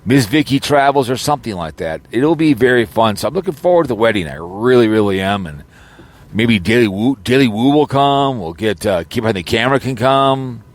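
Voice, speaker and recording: A man's voice: medium pitch, expressive, a little fast. A man rambling casually in an audio vlog, joking around with lots of fillers and false starts, recorded in his car. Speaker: YouTuber.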